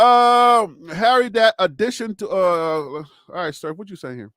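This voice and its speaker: A Liberian-accented man hosts a live college sports stream, talking in a chatty, animated way and answering his viewers. His voice sits fairly high. The sound is dry and close, with no room echo. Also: normal speed, hardly any pauses. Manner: frequent laughs and self-talk. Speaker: sports channel host.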